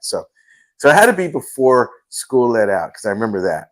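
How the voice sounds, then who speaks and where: A man's voice: medium pitch, very animated, brisk. A man hosting a casual livestream from home, telling stories with many fillers. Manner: rambling storyteller, many fillers. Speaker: host.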